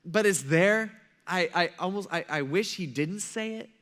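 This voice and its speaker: A man's voice: sits high, expressive, a little slow, fairly bright tone. A male pastor preaching a sermon in a conversational, emphatic way, often checking in with his listeners.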